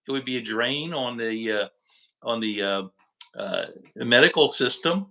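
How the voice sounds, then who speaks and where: A man who is a doctor, speaking as a guest in an earnest, explanatory way with frequent halting restarts. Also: on the high side, pushed and bright. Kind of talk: casual discussion.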